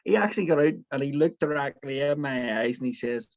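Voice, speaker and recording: A man's voice: mid-range voice, fairly quick, dry recording. A man with a Northern Irish accent, a podcast guest chatting casually and telling stories with frequent laughs. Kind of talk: casual chat. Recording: dull, lo-fi mic.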